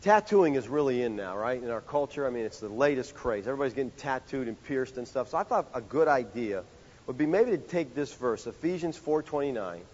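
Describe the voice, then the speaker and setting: A male pastor preaching a sermon in a conversational, animated way, full of rhetorical questions. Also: medium pitch, brisk. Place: church sanctuary. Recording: dull sound with long hall reverb.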